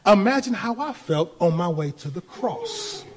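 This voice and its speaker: A male pastor preaching a sermon, building from quiet talk to shouted appeals with laughter in between. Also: high-pitched, huge pitch swings, measured pace, breathy edge. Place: church.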